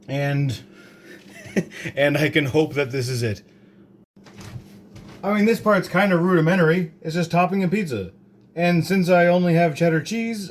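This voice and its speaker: A young Canadian man with a highish, darkish voice talks through a cooking demo in his home kitchen. He's a home cook vlogger who rambles, jokes, swears, and fills his speech with fillers.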